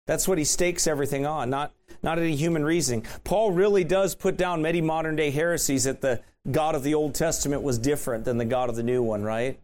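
A man's voice: on the high side, a little fast, a little mellow. A man preaching a sermon in a conversational way, asking rhetorical questions.

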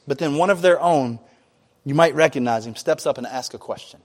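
A man's voice: fairly high pitch, brisk. A man preaching a sermon as pastor, mixing scripture reading with loose, conversational asides and casual slang.

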